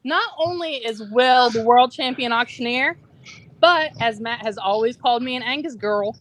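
A woman's voice: on the high side, normal speed, a bit bright. A woman from Virginia with a Southern accent, co-hosting a podcast. She talks in a bubbly, teasing way with plenty of exclamations. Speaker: podcast co-host. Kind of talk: casual podcast interview.

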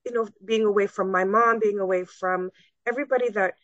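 A woman's voice: mid-range voice, steady tone, fairly quick, no room sound. Earnest woman telling a personal story. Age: middle-aged. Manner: earnest, re-enacts conversations in her own voice. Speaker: guest, salon owner. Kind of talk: personal storytelling in a podcast interview. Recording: dull, dry lo-fi recording.

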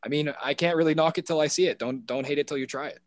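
A man co-hosting a casual football podcast, rambling and animated with frequent restarts. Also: on the high side, racing, dry recording. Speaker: podcast co-host. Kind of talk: casual sports podcast chat.

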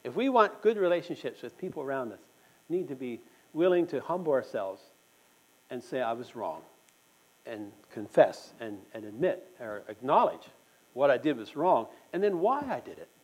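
A man's voice: medium pitch, sing-song, moderate pace, low-quality recording. A man giving a conversational sermon at a church meeting, earnest and talking straight to his listeners with questions. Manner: earnest, asks the audience questions. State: just had a tooth pulled. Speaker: church speaker.

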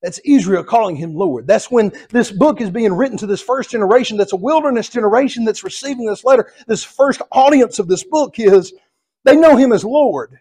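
A man's voice: extremely high pitch, darkish tone, slightly rough. A male pastor with a Southern US accent, preaching an expository sermon in an earnest, repetitive cadence.

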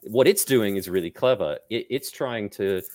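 A man talking about data as a podcast guest, energetic and quick to act out his own reactions, often restarting his sentences. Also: lowish voice, no room sound. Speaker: data management guest speaker. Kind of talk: animated podcast conversation.

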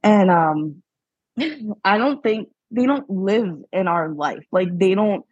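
A woman's voice: medium pitch, lively intonation, slow, a little mellow, slightly rough, no room sound, dull audio. A young woman from Pennsylvania, a podcast guest, telling a personal story in a chatty way, laughing often and acting out past conversations. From Pennsylvania, USA. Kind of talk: casual storytelling interview.

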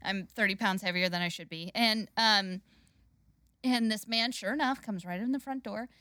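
Bright-voiced woman telling a funny story. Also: medium pitch, normal speed, dry recording. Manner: animated, laughing storyteller. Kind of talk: casual storytelling.

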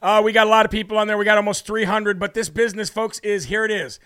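A brash male talk show host with a high, smooth, clear voice. He mocks and laughs his way through the segment and talks straight to his audience. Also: steady tone, fast, sharp tone. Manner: brash, laughs often, mocking. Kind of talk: brash casual commentary.

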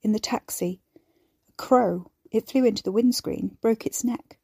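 A woman's voice: a little high, a little slow, vocal fry, darkish tone, breathy edge, no echo, clean studio sound, heavily acted. A woman voicing a tipsy, emotional young woman who talks in a tearful, tipsy way. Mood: upset.

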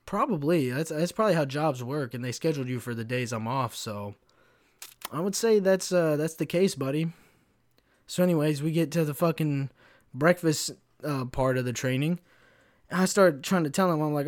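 A man's voice: mid-range voice, moderate pace, dry recording, studio quality. A young man hosting a podcast, telling a story from work in a casual, exasperated and profane way, full of "bro" and "like". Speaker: podcast host. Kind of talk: casual venting monologue.

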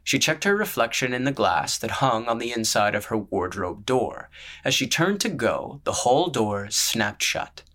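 A man narrating a story in a steady, measured audiobook reading. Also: medium pitch.

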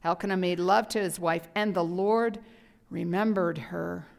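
A woman pastor preaching a sermon with passion, dropping to whispers and rising to loud emphasis. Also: fairly low pitch, steady tone, unhurried, creaky. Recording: hall reverb.

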